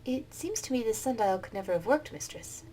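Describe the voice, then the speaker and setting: A woman voicing a calm, formal male robot servant who speaks politely and deferentially. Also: a little high, fairly quick, a little hiss or hum, lightly acted, low-quality recording. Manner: polite, formal, says "mistress". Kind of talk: game dialogue read-aloud.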